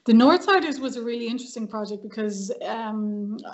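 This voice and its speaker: An Irish actress and violinist, guesting on a podcast, tells stories in a casual interview and acts out the dialogue with lively energy. Her voice sits on the high side and moves a little fast.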